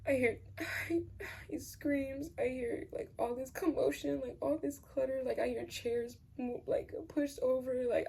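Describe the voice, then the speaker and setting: Young woman vlogging a story, gravelly fry, swears a lot, says "like" constantly. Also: sits high, fairly even intonation, unhurried, dark tone. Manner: candid, rambling, swears freely, fillers like "like". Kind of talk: personal storytime.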